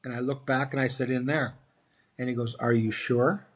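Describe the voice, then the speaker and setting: Speaking at a normal pace with a medium-pitched voice, this middle-aged former hockey player appears as an interview-show guest. He relaxes into lively stories and performs the lines of each character he quotes.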